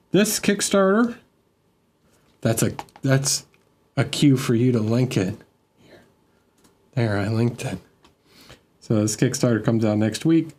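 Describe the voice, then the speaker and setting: A man's voice: medium pitch, darkish tone. A man chatting casually and joking with viewers while painting a miniature on a live stream. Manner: joking, chatty, restarts sentences.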